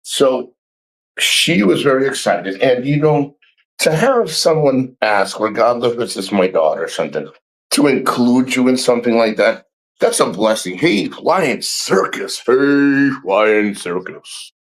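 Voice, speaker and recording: A man's voice: mid-range voice, sing-song, normal speed, poor audio. A middle-aged man chatting casually in a vlog, rambling and retelling a conversation with his family. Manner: rambling, repeats himself, retells dialogue. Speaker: vlogger.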